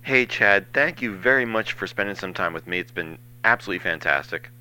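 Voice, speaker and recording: A man's voice: on the low side, lively intonation, a little fast, bright, forceful tone, clear, resonant tone, poor audio. A man interviewing a guest, with polite, formal wrap-up phrasing. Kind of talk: radio-style interview.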